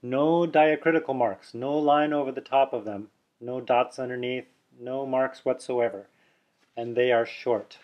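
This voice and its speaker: Man slowly explaining pronunciation. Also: mid-range voice, steady tone, dull audio. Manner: unhurried, restarts phrases, repeats example sounds. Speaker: language teacher. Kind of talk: explaining pronunciation over a document.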